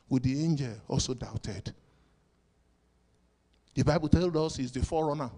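A pastor preaching a sermon, asking rhetorical questions and bursting into sudden loud shouts. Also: male voice, on the high side, unhurried, pauses often.

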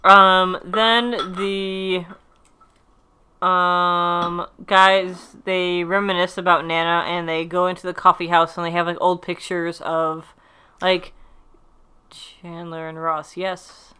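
A young woman chats through an episode recap, rambling and filling her sentences with "like." Her voice is bright and crisp. She sits a little low in pitch for a woman. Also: flat delivery, unhurried. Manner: rambling, many "like"s, acts out quotes. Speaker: podcast co-host. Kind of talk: casual recap chat.

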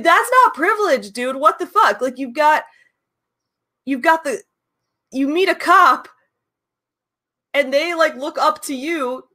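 Indignant bright-voiced woman reacting. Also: high voice. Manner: indignant, blunt, swearing, laughing. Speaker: reaction video host. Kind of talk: commentary on a clip.

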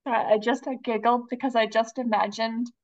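A woman hosting a podcast interview, quick and friendly, who laughs easily. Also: fairly high pitch, steady tone. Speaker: podcast host. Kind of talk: conversational interview. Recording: dull lo-fi sound.

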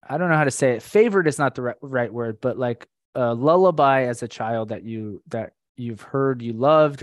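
A man co-hosting a podcast, asking halting questions and cracking jokes in casual chat. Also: mid-range voice, dry recording, studio quality. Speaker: podcast host.

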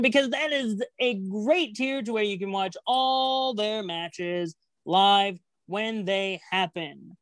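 Here a woman with a mid-range voice, recorded dry, rambles through match predictions as a podcast co-host. The talk is casual, and she comes across as chatty and good-naturedly competitive.

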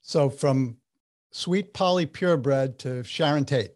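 A woman interviewing a guest, speaking in brief, unhurried prompts. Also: very deep voice, a little mellow.

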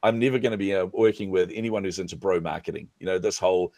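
A man's voice: low-pitched, fast, no room sound. A middle-aged man, a business coach, chatting as a podcast guest and acting out the dialogue in his stories. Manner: animated storyteller, acts out quoted dialogue. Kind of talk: casual interview chat.

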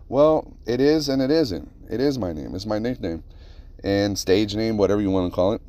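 A man hosting his own podcast, telling rambling, profane stories in a casual, animated way. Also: lowish voice, normal speed. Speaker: podcast host. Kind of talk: casual solo podcast storytelling.

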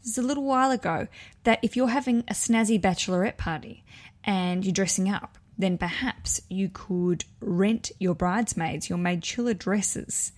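A young woman hosts her podcast in a relaxed, chatty voice. She sounds eager and upbeat, and she breaks off now and then with playful asides to correct herself. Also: medium pitch, moderate pace. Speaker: podcast host. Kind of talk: casual podcast chat.

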